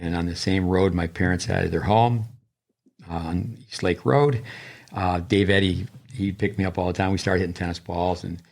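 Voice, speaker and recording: A man's voice: low-pitched, fairly even intonation, moderate pace, vocal fry, darkish tone. An older man, a tennis coach and podcast co-host, telling long digressive stories in casual chat, with many restarts.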